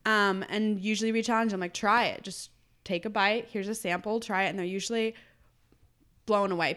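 A woman, a food business co-owner, telling stories in a casual podcast conversation and acting out her customers. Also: medium pitch. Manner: animated storytelling, acts out customer quotes.

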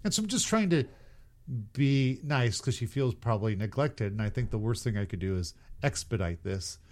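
A man's voice: mid-range voice, expressive, moderate pace. A man casually telling a rambling, profane story on a podcast, often laughing at himself. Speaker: podcast co-host.

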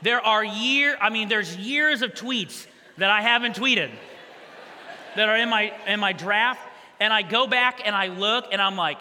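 Pastor guy preaching, high bright voice, chatty and lively, big echoey church hall. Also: measured pace, slight background noise. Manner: energetic, conversational preaching with asides. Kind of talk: sermon. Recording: long church hall reverb.

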